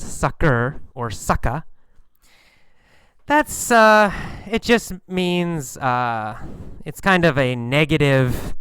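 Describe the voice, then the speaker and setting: A man teaching English vocabulary, explaining slang slowly and patiently, repeating words and examples and acting out lines with sudden bursts of energy. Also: medium pitch, a bit bright, smooth, dry recording. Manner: acts out lines and engine sounds with bursts of volume.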